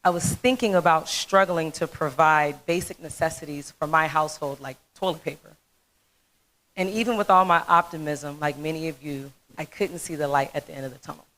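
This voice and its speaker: A woman in her thirties giving a motivational conference talk, telling a folksy, animated story. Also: low voice, a little fast, low-quality recording. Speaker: dentist speaker.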